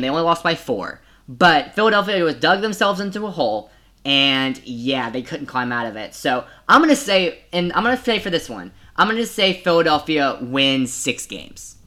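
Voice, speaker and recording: A man's voice: fairly high pitch, pushed and bright. A young man hosting a solo sports podcast, talking in a casual, rambling way with many restarts. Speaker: podcast host.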